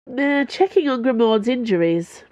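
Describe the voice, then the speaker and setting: A woman voicing a wry, knowing woman crewmate who speaks in a relaxed, sighing way. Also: fairly high pitch, measured pace, dry recording, dull audio, pitched above the performer's own voice. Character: warm, wry woman crewmate, protective friend.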